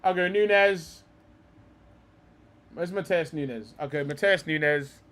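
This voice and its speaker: A young man hosting a live football talk stream. He swears a lot and thinks aloud, often trailing off into low mutters. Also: takes it slowly, a bit bright. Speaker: streamer host.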